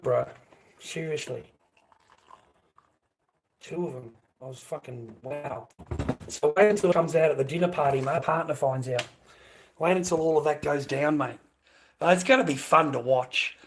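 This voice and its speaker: An Australian man in a profane, rambling casual chat to viewers, breaking into loud bursts. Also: medium pitch, background noise.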